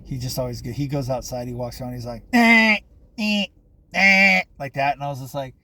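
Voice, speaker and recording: A man's voice: mid-range voice, level tone, rapid-fire, a little mellow. A man talking to camera in a rambling personal monologue, full of fillers and restarts, swearing often.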